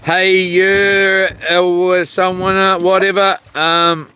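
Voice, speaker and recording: A high, pushed and bright voice belongs to a fishing livestreamer speaking slowly in a level tone, with a little hiss or hum in the audio. Outdoors by the sea, he chats and rambles casually, reading viewer names aloud and swearing now and then.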